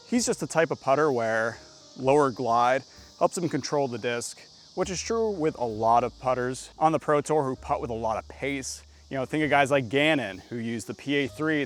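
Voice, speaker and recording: With slight background noise behind him, a medium-pitched man gives loose play-by-play of his disc golf throws outside. He talks casually and gets worked up over the good shots.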